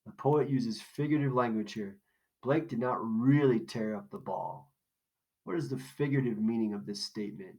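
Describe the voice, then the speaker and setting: A man's voice: medium pitch, normal speed, a little mellow, husky, poor audio. Man teaching a poetry lesson. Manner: casual explaining, asks questions and answers them himself. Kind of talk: recorded classroom lesson walkthrough.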